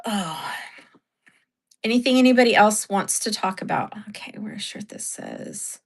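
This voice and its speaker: Woman streamer just chatting, laughs a lot, tells stories, talks back to chat, medium pitched voice. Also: expressive, moderate pace, creaky, breathy edge. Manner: chatty storyteller, laughs often, reads chat aloud. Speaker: livestream host. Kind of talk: casual livestream chat.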